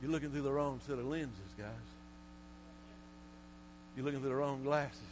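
A male preacher delivering a sermon, swinging from quiet, low passages to loud shouted calls and often repeating words. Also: moderate pace. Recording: mains hum under the voice.

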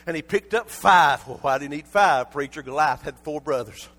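A preacher delivers a sermon in a high, bright voice. He swings between ringing shouts and quiet, intimate asides to his listeners, full of repeated phrases and direct questions. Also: moderate pace.

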